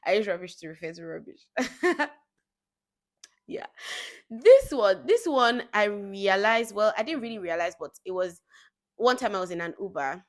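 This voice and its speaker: A woman's voice: mid-range voice, sing-song, normal speed, long pauses. A young woman vlogging in a casual chat to the camera, telling stories with laughing asides. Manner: chatty storytelling with laughing asides.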